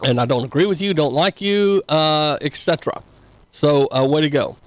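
A man hosting his own commentary show, talking in a loose, folksy way with plenty of ums and uhs. His voice sits a bit high and the sound is close and dry. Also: normal speed, no room sound. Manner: rambling, filler-heavy, folksy. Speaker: talk show host. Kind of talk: casual commentary.

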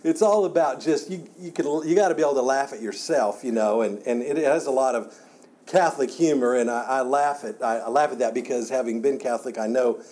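A man's voice: mid-range voice, a little fast, a little mellow. A man teaching a church Bible class in a conversational way, often repeating words and restarting his sentences.

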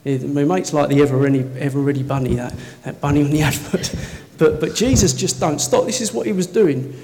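Excitable preacher in echoey hall. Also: male voice, fairly high pitch, fairly quick. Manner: excitable storytelling, swinging from soft to loud. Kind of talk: sermon. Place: church hall. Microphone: worn mic. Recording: echoey hall, faint noise.

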